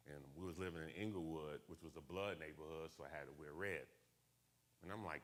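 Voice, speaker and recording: A middle-aged man from Buffalo, New York, telling his life story in a lively way and acting out the voices of people in it. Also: extremely low pitch, a little fast. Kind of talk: personal storytelling talk.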